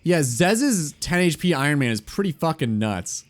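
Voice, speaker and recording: Laid-back male streamer, slightly higher voice. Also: moderate pace. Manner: relaxed, rambling, swears casually. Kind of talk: casual gaming stream chat.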